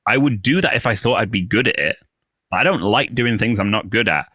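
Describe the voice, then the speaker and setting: A man's voice: on the low side, animated, fairly quick, pushed and bright, no room sound, clean studio sound. A British man, a comedian guest, telling anecdotes in a chatty podcast conversation. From United Kingdom. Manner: chatty anecdotal storyteller, slips into voices. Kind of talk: casual podcast chat.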